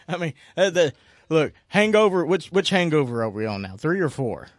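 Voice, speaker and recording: A man hosting a casual sports chat, excitable, laughing often and stumbling over repeated words. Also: a little high, no room sound, studio quality. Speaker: sports talk host.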